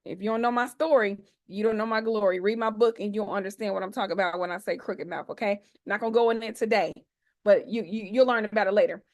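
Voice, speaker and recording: A woman's voice: medium pitch, fast. A woman in her forties hosting an online expo over a video call. She speaks in a playful, chatty, slangy way and hypes up her audience.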